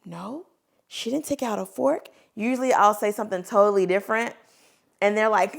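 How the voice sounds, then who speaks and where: A woman preschool teacher giving a teaching demonstration of reading aloud, animated and expressive, with playful sound effects. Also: mid-range voice, moderate pace, vocal fry.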